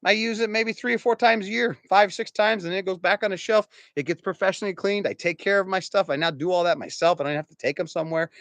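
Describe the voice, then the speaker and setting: A man's voice: high-pitched, quick pace, hardly any pauses, no echo. Brief: male pastor about fifty, raised tone with lots of swing, dry close sound, chatty storytelling sermon delivery. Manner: animated, conversational, chuckles through stories.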